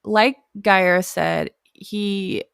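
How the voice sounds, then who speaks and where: A woman's voice: mid-range voice, fairly even intonation, drawn-out words, gravelly, clean tone, no room sound, clean studio sound. A woman co-hosting a casual podcast, chatting and laughing easily, with plenty of likes and fillers. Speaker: podcast co-host.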